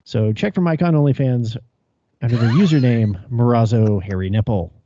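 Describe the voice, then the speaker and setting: A man's voice: mid-range voice, moderate pace, dark tone, no echo, dull audio. A man co-hosting a podcast, joking in a wry, profane way through casual chat. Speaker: podcast co-host.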